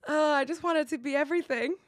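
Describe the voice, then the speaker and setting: Young woman podcast host, higher voice, laughs a lot, swears casually, dry close sound. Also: quick pace, no echo. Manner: animated storytelling, laughs often, swears casually. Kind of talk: casual chat.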